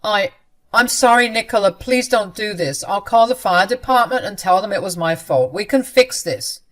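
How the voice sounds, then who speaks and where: A woman voicing an angry adult man caught cheating, shouting in strained, high-pitched outbursts. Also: lively intonation, normal speed, lightly acted. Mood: pleading.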